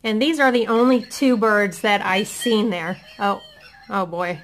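In an unhurried, mid-range voice with fairly even intonation, a middle-aged woman from Indiana, USA, happily talks through her product haul at home, with many ums. A little hiss or hum can be heard.

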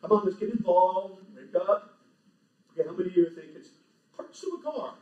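A man giving an animated, emphatic lecture to a live audience, speaking in short punchy phrases. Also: sits high, normal speed. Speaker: conference speaker. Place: large lecture hall. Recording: echoey hall, distant, dull lo-fi.

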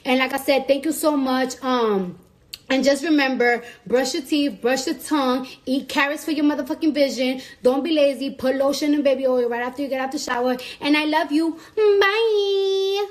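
A woman's voice: sits high, fairly even intonation, brisk. A woman talking casually to her camera, brash, playful and full of profanity. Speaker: celebrity vlogger.

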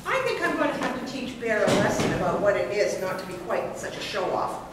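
A woman storyteller voicing a sly male fox who calmly and knowingly tricks a bear in a folk tale. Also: mid-range voice, a little fast, very noisy, lightly acted. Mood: scheming. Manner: calm, knowing, teasing. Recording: echoey hall from far off.

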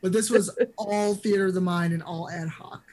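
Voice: mid-range voice, fairly even intonation, normal speed, a little mellow. A game master casually narrating a tabletop game scene and chatting lightly with players.

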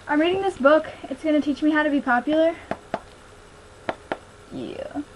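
A woman's voice: high voice, normal speed, background noise. A young woman chatting casually in a video diary, bouncy and self-conscious. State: out of breath. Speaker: vlogger.

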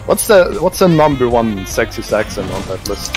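A man's voice: mid-range voice, very animated, moderate pace, loud music behind the voice. A man chatting casually while gaming with friends, joking and laughing often. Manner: jokey, laughs often, asks questions. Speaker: stream co-player.

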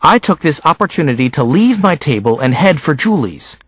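A man's voice: very animated, normal speed, a bit bright, husky, no room sound. A man reading a novel aloud as scripted audiobook narration, acting out the characters' lines. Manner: acts out each character's lines with raised pitch.

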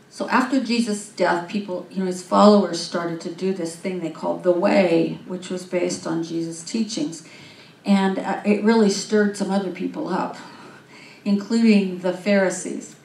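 Woman minister, animated sermon storyteller, mid-pitched voice, roomy sound from far away.

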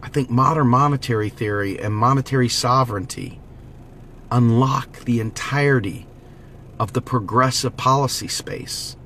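A man's voice: mid-range voice, moderate pace, a bit bright, a little hiss or hum. A man giving an impassioned direct-to-camera monologue, preachy and urgent, repeating slogans as he rallies his viewers. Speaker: political vlogger.

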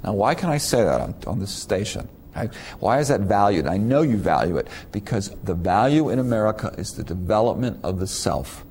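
A middle-aged man with a low voice lectures students in a loose, conversational way. He keeps firing rhetorical questions and often repeats words as he goes. A faint noise sits behind him. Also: darkish tone. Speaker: university lecturer.

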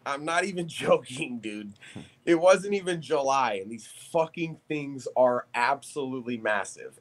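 A man, a podcast guest, telling a story in casual chat, animated and profane, laughing as he talks. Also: mid-range voice.

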